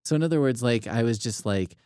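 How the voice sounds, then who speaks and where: A man's voice: medium pitch, lively intonation, quick pace, dark tone, clean tone, no room sound, studio quality. A man co-hosting a casual book podcast, thinking aloud in rambling, self-deprecating tangents. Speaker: podcast co-host.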